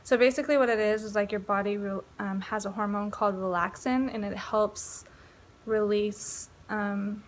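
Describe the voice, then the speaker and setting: A woman's voice: mid-range voice, steady tone, moderate pace. A pregnant young woman vlogging in a casual, rambling chat, laughing often.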